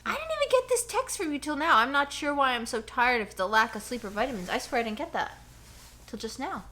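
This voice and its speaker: A woman co-hosting a casual podcast at home, ranting in a rambling, animated way into a cheap headphone mic. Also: sits high, fast talker, a little hiss or hum. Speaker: podcast co-host.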